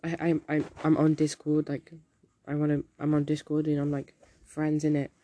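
A teenage boy rambles through a solo podcast monologue, swearing often, joking at his own expense and jumping between topics. His slightly high voice is monotone and mellow at a normal speed, with a little hiss or hum in the recording.

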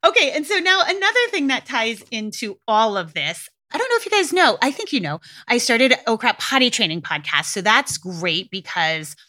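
Woman podcast host, casual and profane, bright and a touch high, acts out quotes. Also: normal speed, hardly any pauses. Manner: frank, profane, animated acted-out quotes. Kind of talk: casual solo podcast talk.

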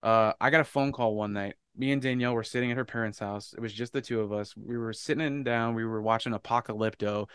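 A man's voice: mid-range voice, quick pace, few pauses, smooth, no room sound. A man telling a personal story in casual podcast chat, swearing freely and acting out the people in it. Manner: profane, animated storyteller. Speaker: podcast co-host.

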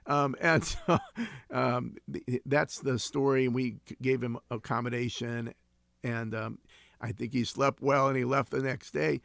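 Guest, male, 60s, mid-pitched with some gravel, earnest storyteller. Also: fairly even intonation, unhurried, a bit bright, no room sound, clean studio sound. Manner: earnest, reflective, with frequent restarts. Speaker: guest, founder of a homeless ministry. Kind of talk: conversational interview storytelling.

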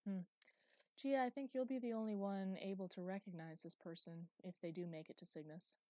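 A woman's voice: medium pitch, fairly even intonation, brisk, mellow, no room sound, natural voice. A woman reading the lines of a firm, weary middle-aged colony chief in an audiobook. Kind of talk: audiobook character voice.

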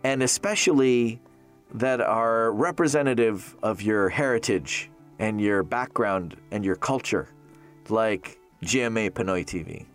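A man in his thirties who works as a voice actor, chatting casually in an interview, animated and jokey, laughing often. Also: on the low side, a little slow, faint music behind.

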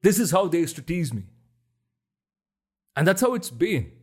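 Blunt, swearing podcast host with a deep voice. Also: male voice, big pitch swings, moderate pace, slightly rough. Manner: blunt, heavy swearing, emphatic. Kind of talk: ranting solo podcast. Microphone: podcast mic.

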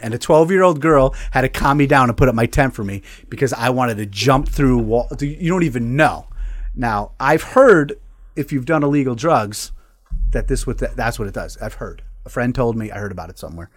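A man spins a rambling, profane yarn as host of a casual talk show. He's animated and laughs often as he talks. His voice sits at an ordinary middle pitch. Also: moderate pace. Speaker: podcast host. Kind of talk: casual storytelling chat.

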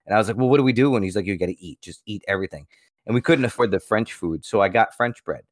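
A deep-voiced American man co-hosts a podcast, talking quickly as he meanders through a story, repeating himself and cursing occasionally. The audio is studio quality with no room sound.

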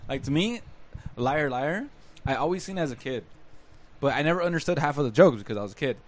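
A man's voice: on the high side, expressive, fast talker. A young man in casual chat who talks bluntly in slang and swears freely.

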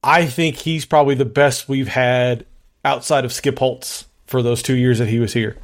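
A man's voice: medium pitch, steady tone, moderate pace. A man co-hosting a casual sports podcast, giving firm opinions in a conversational way. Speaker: podcast co-host.

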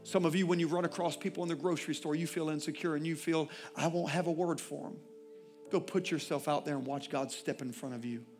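A male pastor preaching a sermon, swinging from loud, impassioned declarations to quiet, intimate asides. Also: a little high, steady tone, fast talker, hardly any pauses, music in the background.

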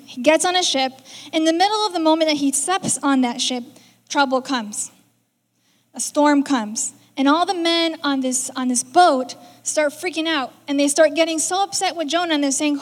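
A woman's voice: high-pitched, normal speed. A woman preaching a sermon in a conversational way, acting out the lines she quotes. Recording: reverberant hall.

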